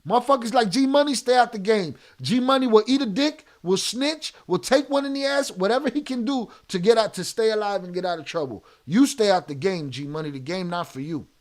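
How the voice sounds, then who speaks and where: Man, high-pitched, profane, angry livestream rant at chat. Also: fairly quick, few pauses. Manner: profane, heated, berating chat. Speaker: streamer reacting to chat.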